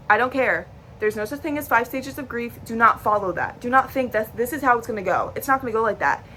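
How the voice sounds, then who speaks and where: Blunt young woman with a bright voice. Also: fairly high pitch, a little hiss or hum. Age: young adult. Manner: blunt and emphatic, swears freely. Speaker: vlogger. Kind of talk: candid personal talk to camera. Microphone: device recording while talking to a screen.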